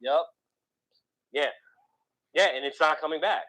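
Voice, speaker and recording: A man with a faint East Coast accent rambles gloomily in a casual radio podcast chat. His voice sits a little high, and he keeps restarting his sentences, leaning on fillers like "like" and "you know.". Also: unhurried, a bit bright, poor audio. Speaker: podcast co-host.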